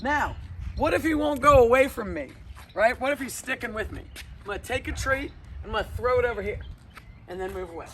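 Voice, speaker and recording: High bright-voiced guy teaching dog recall outside, upbeat and encouraging, faint outdoor hum behind. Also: lively intonation, a little fast. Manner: upbeat and encouraging, plain step-by-step explaining. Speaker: dog trainer. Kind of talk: instructional talk to dog owners. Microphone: camera held by a helper.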